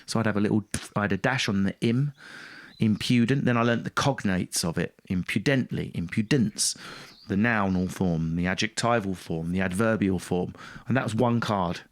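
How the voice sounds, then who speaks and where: A man's voice: lowish voice, moderate pace, hardly any pauses. A man telling his story as a podcast guest, blunt and self-mocking, swearing freely in casual talk. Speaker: podcast guest, stand-up comedian.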